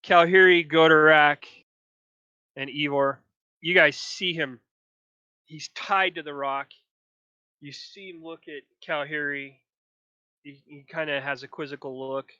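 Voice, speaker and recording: A man narrating a tabletop game as game master, slow and descriptive. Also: a little high, fairly even intonation, pushed and bright, no echo, lo-fi sound.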